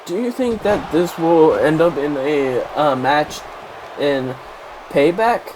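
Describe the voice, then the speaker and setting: A man's voice: fairly high pitch, lively intonation, slow, background noise. A man giving rambling, casual gaming commentary, swearing constantly. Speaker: gameplay commentator.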